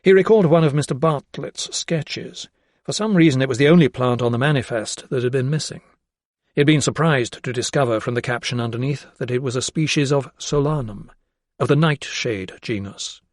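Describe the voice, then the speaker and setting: A male narrator reading a novel in a measured, even storytelling voice. His pitch sits in an ordinary middle range. The recording is dry and close, with no room sound. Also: dry recording. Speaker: audiobook narrator. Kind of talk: scripted narration.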